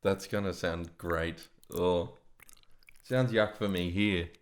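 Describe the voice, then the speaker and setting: Man, low voice, casual podcast chat, joking, swears. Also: steady tone, slow pace. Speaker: podcast co-host.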